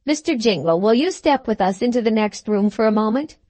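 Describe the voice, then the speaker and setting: A woman's voice: on the high side, animated, a little fast, a little mellow, no echo, lightly acted. Woman doing a fussy wheedling little lawyer. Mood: coaxing. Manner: wheedling, keeps saying "my dear sir". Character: fussy little male attorney, ingratiating.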